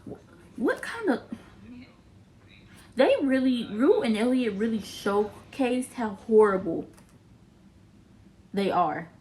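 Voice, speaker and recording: Slow-talking young woman recapping a TV episode. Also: a little high, poor audio. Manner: animated, laughing a lot, acting out characters' lines. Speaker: TV episode reviewer. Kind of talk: casual recap and commentary.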